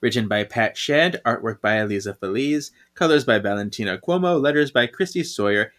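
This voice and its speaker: A man co-hosting a podcast, talking through a comic issue in a relaxed, chatty way. His voice is bright and forward, and he jumps into high, lively voices when he quotes the characters. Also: brisk. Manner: animated, acts out characters' lines with big jumps in pitch. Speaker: podcast co-host. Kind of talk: casual chat recapping a comic.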